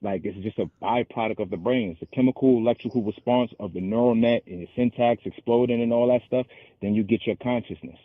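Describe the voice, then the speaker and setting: Husky man over a tinny line. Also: medium pitch, dry recording. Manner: argumentative, halting, restarts and slows to quote scripture. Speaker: call-in show host. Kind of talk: casual debate.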